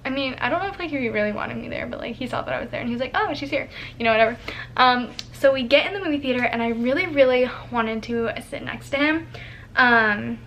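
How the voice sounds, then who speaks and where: A woman's voice: on the high side, quick pace, a little hiss or hum. A young woman casually telling a personal story, chatty and full of "like", acting out the lines she quotes. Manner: chatty, heavy use of "like", animated quoting.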